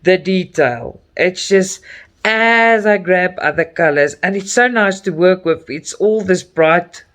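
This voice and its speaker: This middle-aged South African man, an Afrikaans speaker, vlogs about cross-stitch while he works, chatting casually with open emotion and lots of exclamations. His voice sits high, fairly bright, and slow-paced.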